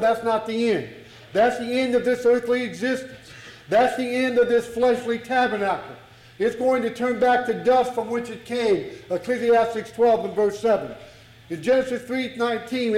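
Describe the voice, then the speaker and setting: A man preaching a sermon in a slow, deliberate manner, repeating and stressing his points. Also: high-pitched, darkish tone, reverberant, poor audio.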